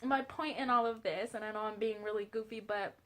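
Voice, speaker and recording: A woman, a lay preacher telling a story in a casual faith testimony vlog. She talks quickly and tells the story with animation. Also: medium pitch. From Southern United States. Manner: fast-talking, animated storyteller.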